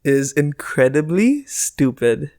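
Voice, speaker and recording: A man's voice: on the high side, sing-song, slow, a little mellow. A man co-hosting a podcast, chatting casually in a jokey, self-mocking way. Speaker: podcast co-host. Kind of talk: casual chat.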